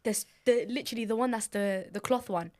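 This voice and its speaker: A woman co-hosting a casual chat, talking in a reassuring, explanatory way with slang. Her voice sits a little higher than most women's. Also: brisk, darkish tone. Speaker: podcast co-host, mother.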